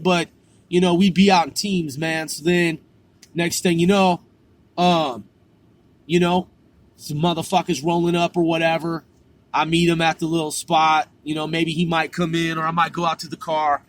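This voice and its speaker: A man's voice: fairly high pitch, fairly bright tone, slight background noise. A man telling a story casually, swearing and saying "man" at the end of his sentences. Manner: profane, drawling, says "man" constantly.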